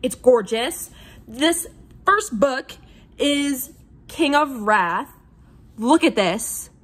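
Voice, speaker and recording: Bubbly woman book vlogger with a higher voice who gushes about her favorite reads in a rush of "like"s. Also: very slow. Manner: gushing, excitable, heavy use of "like". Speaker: book reviewer. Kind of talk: casual book review vlog.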